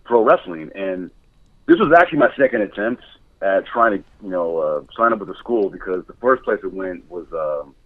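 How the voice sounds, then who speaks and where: A male podcast guest who works as a motion capture director tells candid stories in casual chat, laughing frequently. His low-pitched voice is expressive and moderately paced, and the line sounds tinny and phone-like.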